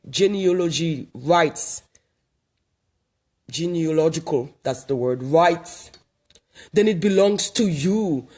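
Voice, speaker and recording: A man from Haiti holds forth in a backyard monologue. His voice sits high, and he hammers points home through repetition, like a street preacher. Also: a little mellow. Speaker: online commentator. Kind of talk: outdoor monologue. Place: backyard outdoors.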